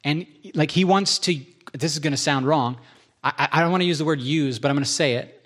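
A male pastor delivering a sermon in a somewhat high voice. He runs through numbered points, repeats key lines for emphasis and drops in joking, self-deprecating asides. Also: brisk, fairly bright tone.

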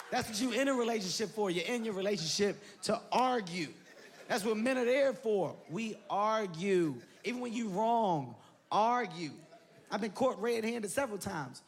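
A man doing stand-up comedy, loud and animated, shouting punchlines. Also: high voice, a little fast. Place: large venue with laughing audience. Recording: live show with loud crowd and noise.

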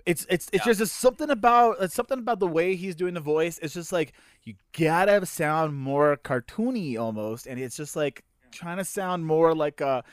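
A young man hosting a gaming podcast, chatting casually with many fillers and quick agreements. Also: on the high side, dry recording, clean studio sound. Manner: relaxed, filler-heavy, quick agreeing asides. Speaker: podcast host. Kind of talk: casual chat.

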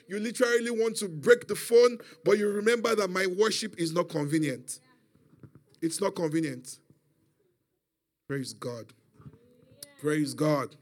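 A man preaching a sermon, emphatic and calling out for responses from his listeners. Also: high voice.

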